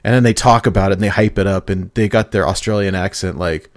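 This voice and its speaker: A man casually telling a long story on a podcast, excited and laughing as he goes, often acting out quotes. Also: low voice, fairly quick, no room sound, clean studio sound. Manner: animated storytelling, laughs, mimics people in quotes. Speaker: podcast host.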